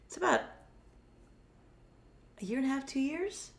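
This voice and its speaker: A woman with a sore, slightly gravelly throat gives psychic readings on a live stream. She keeps her voice low and soft, trailing and repeating words as she reaches for what she senses. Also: animated, unhurried. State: sore throat, speaking quietly. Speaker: psychic reader, co-host.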